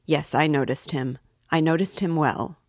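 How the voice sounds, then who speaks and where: A woman voicing a hearty, excitable young man in an audiobook reading, speaking eagerly and with emphasis. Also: deep voice, moderate pace, no echo, studio quality. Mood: earnest.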